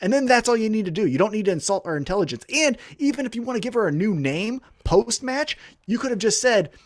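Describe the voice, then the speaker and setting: A high-voiced man rants with heat, his pitch leaping all over as he swears his way through a complaint. He sounds like a podcast co-host in full flow. The sound is dry and close. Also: very animated, fast, no echo. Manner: heated, profane, ranting. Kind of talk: profane wrestling podcast rant.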